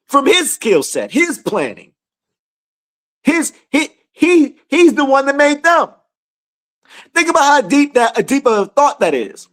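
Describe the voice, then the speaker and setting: A woman leading a casual livestream Bible study, animated and laughing, talking to viewers as y'all. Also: sits high, measured pace. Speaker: scripture study teacher.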